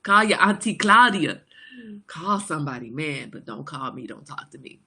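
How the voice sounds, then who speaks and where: A woman's voice: sits low, very animated, moderate pace, bright, forceful tone, breathy edge. A woman in her forties hosting a livestream, chatting frankly and jokingly with viewers and reading out their comments. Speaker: livestream host. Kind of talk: casual chat with live viewers.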